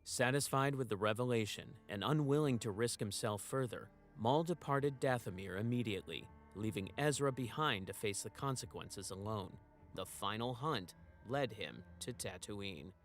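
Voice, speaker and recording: A man's voice: on the low side, animated. Man narrating a recap, faint music. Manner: measured, dramatic storytelling. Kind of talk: scripted narration.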